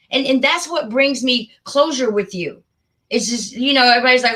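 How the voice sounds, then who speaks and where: A woman's voice: a little high, a little slow, pushed and bright. A middle-aged woman hosting a casual livestream chat, emphatic and repetitive, often talking over her guest. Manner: emphatic, repeats words, talks over guest. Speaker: livestream host.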